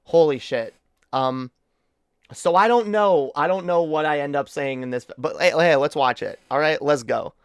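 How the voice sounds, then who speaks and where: A tipsy man hosting a reaction livestream, boastful and excitable, swearing freely. His voice sits fairly high. The sound is dry and close to the mic. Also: normal speed, clean tone, no echo. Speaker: streamer.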